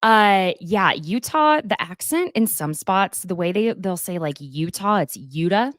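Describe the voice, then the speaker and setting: Woman host, casual gossip recap, chatty asides, medium pitch, dry close sound. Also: animated, measured pace, fairly bright tone, dry recording. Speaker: podcast host. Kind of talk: casual chat recapping a reality show.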